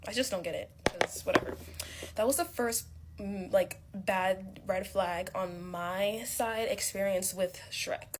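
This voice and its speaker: A woman's voice: mid-range voice, takes it slowly, over loud music. A young woman telling a casual story-time tale about college friends in a rambling, filler-heavy way. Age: young adult.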